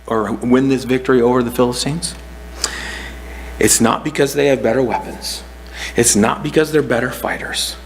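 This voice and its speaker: Gravelly-voiced preacher in a reverberant hall. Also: male voice, medium pitch, a little hiss or hum. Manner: expository Bible teaching, reads scripture aloud. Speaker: pastor. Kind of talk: sermon.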